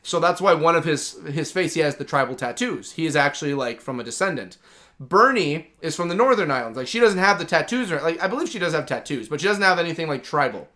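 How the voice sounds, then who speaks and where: A man's voice: on the high side, expressive, fast, bright, forceful tone. A man hosting a gaming livestream, chatting casually and enthusiastically, rambling with lots of "like". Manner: rambling and enthusiastic, heavy use of "like". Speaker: livestream host.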